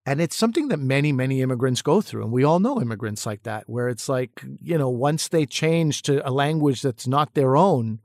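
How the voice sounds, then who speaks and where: A man's voice: mid-range voice, animated, moderate pace, hardly any pauses, a little mellow, dry recording, clean studio sound. A middle-aged man co-hosting a casual discussion, talking earnestly and animatedly, often repeating words as he gathers his thoughts. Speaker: podcast co-host and actor-comedian.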